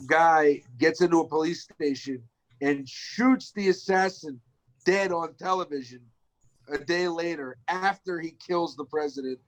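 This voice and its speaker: A man's voice: fairly high pitch, unhurried, low-quality recording. A man co-hosting a casual podcast, blunt and skeptical with plenty of swearing. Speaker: podcast co-host.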